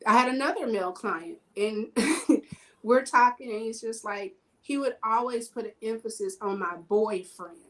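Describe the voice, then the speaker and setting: A woman telling personal stories in casual chat, animated and acting out the dialogue in her stories. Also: on the high side, normal speed, rough recording. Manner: animated, acts out quoted dialogue.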